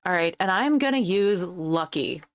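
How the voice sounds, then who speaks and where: Woman, tabletop player, lowish voice, dry close sound, brisk and decisive. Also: expressive, no echo. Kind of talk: casual chat.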